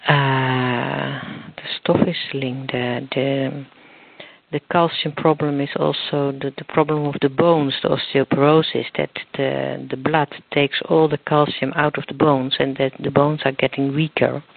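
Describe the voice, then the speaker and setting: Halting man on a tinny phone line. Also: medium pitch, little pitch movement, creaky, no room sound. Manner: halting, searching for words, many restarts. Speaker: guest expert. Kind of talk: phone interview explanation.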